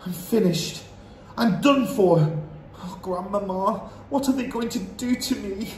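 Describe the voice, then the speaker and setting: A man's voice: high voice, unhurried, darkish tone, pitched above the performer's own voice. A man voicing a frightened young boy who pleads and cries for help while reading a storybook aloud. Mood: desperate. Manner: panicked, pleading. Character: terrified small boy. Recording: roomy echo, faint hiss.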